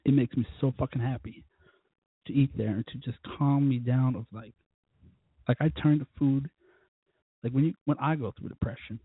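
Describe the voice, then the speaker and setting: A man's voice: medium pitch, steady tone, moderate pace, long pauses, husky, dry recording. A man hosting a casual podcast, rambling through a profane story while a bit drunk. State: tipsy from drinking. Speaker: podcast host. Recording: tinny phone-like recording.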